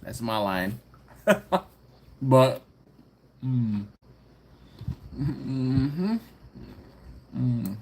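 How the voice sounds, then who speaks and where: A man's voice: mid-range voice, animated, drawn-out words, pauses often. A man hosts a casual live stream, taking his time over each remark while his voice swings widely up and down. He reads viewer comments aloud and answers them playfully, laughing often and stretching words for teasing emphasis. A faint hiss of noise sits under his voice. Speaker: livestream host.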